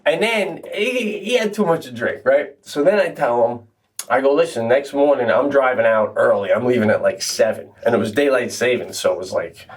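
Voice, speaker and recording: A podcast co-host tells long stories at a moderate pace in casual chat, swearing and laughing loosely. His pitch jumps sharply when he gets excited, and he sounds slightly distant from sitting a little back from the mic.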